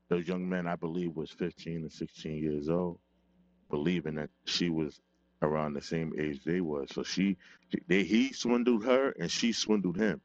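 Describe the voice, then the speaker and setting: A man with an extremely deep voice hosts a casual commentary show. He talks in a relaxed, conversational way and keeps checking in with his listeners. The audio sounds a little muffled and lo-fi. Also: unhurried, no room sound. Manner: laid-back, repeats "you know what I'm saying".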